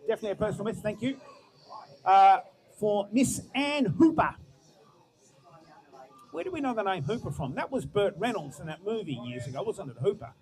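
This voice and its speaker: High-voiced meet announcer. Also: male voice, expressive, moderate pace, long pauses. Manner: chatty, muses aloud, cheers lifts loudly. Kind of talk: live powerlifting commentary. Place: powerlifting competition venue.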